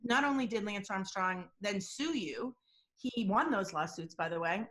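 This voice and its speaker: A woman talks as a guest expert in an interview, lively and animated. She swings her pitch up and down as she acts out the voices she quotes. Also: moderate pace. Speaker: guest expert on lie detection.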